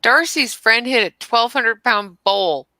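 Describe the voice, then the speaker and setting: A woman chatting casually on a stream, telling stories about her morning and laughing easily, with a gravelly voice. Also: a little high, slow pace, bright, forceful tone, dry recording. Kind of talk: casual chat.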